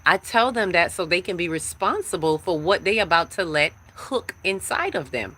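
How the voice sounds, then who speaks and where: A woman's voice: lowish voice, expressive, normal speed, fairly bright tone, husky. A woman giving a live-streamed spiritual talk, emphatic and repetitive, speaking straight to her viewers. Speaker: livestream spiritual teacher.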